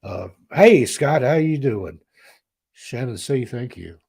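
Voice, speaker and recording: A man in his fifties from the American South, hosting a casual live stream, chatting warmly and reading out viewers' names. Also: mid-range voice, expressive, slow pace, gravelly, slightly rough. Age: 50s. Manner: rambling, heartfelt, reads chat names aloud. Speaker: host.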